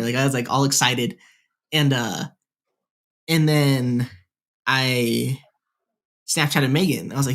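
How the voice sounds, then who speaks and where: A man's voice: medium pitch, steady tone, normal speed, pauses often, fairly bright tone. A young man co-hosting a podcast, telling a story casually, rambling with lots of fillers, recorded on a headset. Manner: rambling, heavy filler "like, whatever". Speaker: podcast co-host.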